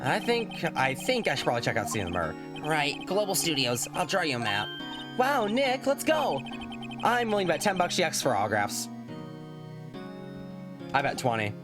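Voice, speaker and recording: A woman's voice: very deep voice, very animated, brisk, music in the background. A woman streamer chatting casually while playing a story game, with offhand, wry asides.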